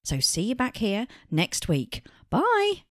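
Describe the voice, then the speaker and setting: A woman's voice: a little high, huge pitch swings, takes it slowly, no room sound, studio quality. A woman hosts a children's school podcast, patiently giving step-by-step instructions and encouraging her young listeners. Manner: patient, encouraging teacher voice, repeats and rephrases.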